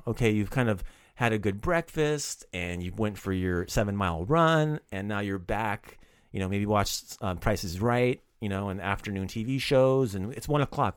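A man's voice: lowish voice, clean tone, dry recording, clean studio sound. A man teaching a casual podcast language lesson, upbeat and playfully teasing his student.

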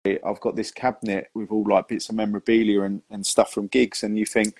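A man's voice: lowish voice, level tone, fairly quick, darkish tone. A man hosting a casual talk show, rambling with friendly asides like "do you know what I mean". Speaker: podcast host and magician. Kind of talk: casual chat.

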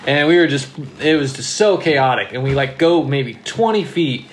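A young man hosting a casual chat, retelling a ghost hunt with animated energy and jumping high when quoting his own panic. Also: moderate pace, a little hiss or hum. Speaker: podcast host.

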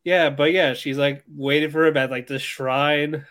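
A man's voice: a little high, steady tone, measured pace, a bit bright. A young man co-hosting a podcast, joking and laughing through casual banter. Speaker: podcast co-host. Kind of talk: casual chat.

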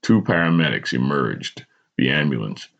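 Deep husky man telling his story. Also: big pitch swings, normal speed, a bit bright, highs cut off. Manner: dramatic storytelling with small stumbles. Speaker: podcast host. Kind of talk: reading a personal story aloud.

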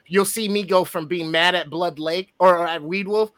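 Brief: high, bright-voiced man, animated, swearing podcast guest. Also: moderate pace, no room sound, clean studio sound. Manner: animated, swearing, ranting storyteller. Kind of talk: casual chat.

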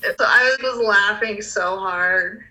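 A woman co-hosting a podcast, chatting casually and reminiscing with real enthusiasm. Her tone is strikingly bright and sharp at a mid pitch. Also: slow, rough recording. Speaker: podcast co-host. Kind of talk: casual chat.

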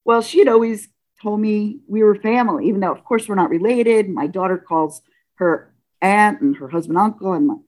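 Recounting something that happened to her, a woman speaks casually but haltingly, with frequent restarts and self-corrections. She's animated, voicing other people's lines with large jumps in pitch.

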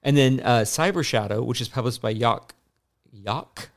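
A man of middle pitch chats casually about video games as a podcast co-host. He rambles, trips over words and fills pauses with ums and uhs. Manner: rambling, stumbles over words, many fillers.

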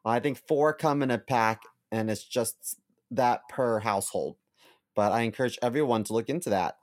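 A man's voice: medium pitch, normal speed. Laid-back male podcast co-host. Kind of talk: casual chat.

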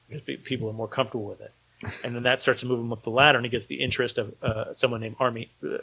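A man's voice: mid-range voice, a bit bright, slightly rough, poor audio. A man hosting a casual talk show, rambling enthusiastically with many restarts. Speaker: podcast host and filmmaker. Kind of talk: casual chat.

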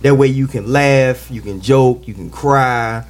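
A man's voice: medium pitch, a little slow. A man hosting a casual podcast with friends, loose and emphatic, repeating phrases as he talks. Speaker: podcast host.

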